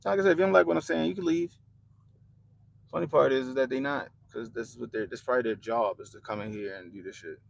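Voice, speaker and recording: A young man hosting a livestream, ranting bluntly and profanely about politics to his chat in animated slang. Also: mid-range voice, quick pace, vocal fry, a little hiss or hum, poor audio. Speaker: livestream host.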